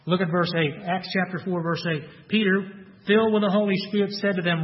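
High-voiced Texan preacher in a reverberant hall. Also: male voice, fairly even intonation, fairly quick, muffled recording. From Texas. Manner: earnest, acts out quoted lines with rising emphasis. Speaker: pastor. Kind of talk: sermon.

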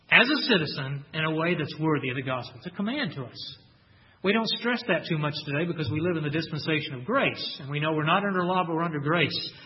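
A man's voice: a little high, lo-fi sound. A man preaching a sermon in an earnest way, repeating key phrases and quoting scripture. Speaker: pastor.

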